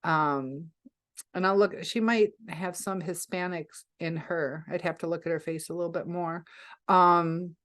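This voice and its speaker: Low-voiced woman rambling through a story. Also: fairly even intonation, unhurried, fairly bright tone. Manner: rambling, chatty, frequent "um" and self-corrections. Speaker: vlogger recounting a scam attempt. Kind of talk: casual storytelling to camera.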